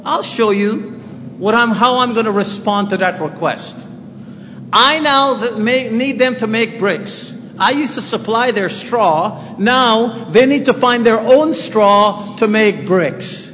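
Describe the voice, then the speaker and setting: A man's voice: high-pitched, lively intonation, takes it slowly, fairly bright tone, a little hiss or hum, pitched above the performer's own voice, heavily acted. Man doing Pharaoh: defiant, mocking ruler, raised voice, reverberant hall. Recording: long hall reverb, faint ambience.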